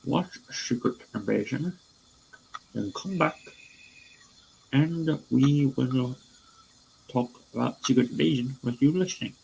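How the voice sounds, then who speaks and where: A podcast co-host putting on a deliberately rough imitation of a British gentleman announcer, with big swoops in pitch. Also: slight background noise, poor audio. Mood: theatrical. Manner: swooping exaggerated put-on accent.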